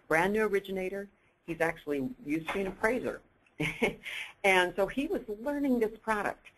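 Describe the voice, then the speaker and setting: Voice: medium pitch, low-quality recording. A presenter giving an upbeat sales training webinar, coaching listeners directly and acting out bits of dialogue.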